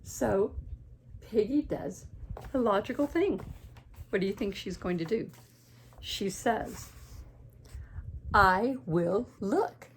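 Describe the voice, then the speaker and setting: A woman teacher reading a picture book aloud to children, gently pointing things out and asking them questions. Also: medium pitch, animated, slow pace, long pauses, slight background noise. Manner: gentle, questions and asides to young listeners.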